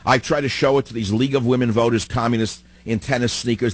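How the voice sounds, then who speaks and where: A man hosting a political talk radio show, delivering a combative monologue full of rhetorical questions and emphatic repetition, swinging between loud outbursts and low muttering. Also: steady tone, fast, hardly any pauses.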